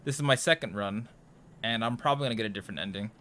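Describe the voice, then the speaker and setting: A man's voice: lowish voice, rapid-fire, pushed and bright, slight background noise. A young man casually chatting to viewers while playing a horror game live, jittery and nervous, often trailing off into mumbles. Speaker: livestreamer.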